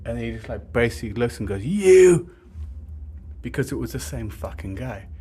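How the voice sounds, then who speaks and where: A man's voice: medium pitch, steady tone, quick pace, husky. A young man telling a rambling, sweary story, with lots of filler words. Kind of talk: casual storytime monologue.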